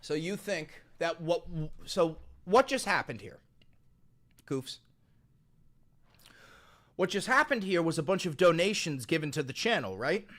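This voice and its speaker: A man with a fairly high voice, hosting a livestream and reading viewer donations aloud. He talks sarcastically, jumping from loud mock tirades to flat deadpan answers, on a close desk mic. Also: measured pace, long pauses. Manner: sarcastic, swings from loud mock rants to low dry replies.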